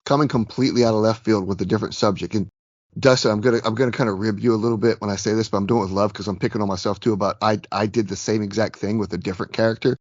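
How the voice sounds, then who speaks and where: A man co-hosting a casual podcast about a tabletop game, chatty and self-deprecating, rambling a bit, slightly hoarse. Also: on the low side, steady tone, very fast, no room sound, lo-fi sound. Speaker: podcast co-host.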